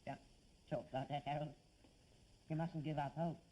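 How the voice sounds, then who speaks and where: A man's voice: on the high side, steady tone, normal speed, warm tone, slight background noise, close to an everyday voice. An actor playing a cantankerous old rag-and-bone father, nagging and reproachful in a 1960s sitcom. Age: older. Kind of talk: 1960s studio sitcom acting.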